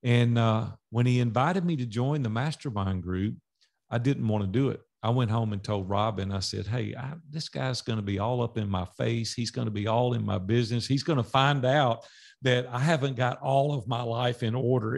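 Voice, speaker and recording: Man, middle-aged, gravelly voice, podcast guest, lively storyteller, voices the people in his story. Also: mid-range voice, moderate pace. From Nashville, Tennessee. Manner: animated storyteller acting out dialogue. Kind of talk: storytelling in a casual interview.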